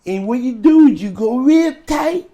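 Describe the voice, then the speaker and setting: A guest comedian telling a profane, animated story on a podcast, laughing as he goes. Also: very high-pitched, normal speed.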